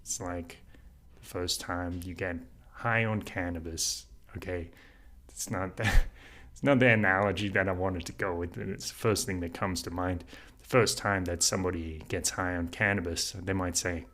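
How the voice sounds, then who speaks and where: A man with a very low, deep voice talks through an idea on his own podcast. He sounds earnest and unhurried, and he breaks into soft laughs often as he muses. It is a reflective solo monologue. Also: fairly even intonation. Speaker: podcast host.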